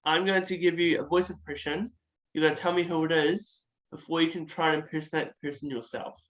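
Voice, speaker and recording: A man's voice: on the high side, steady tone, fairly quick, a bit bright, poor audio. A man hosting an interview and chatting casually, in a playful, eager way. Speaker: host.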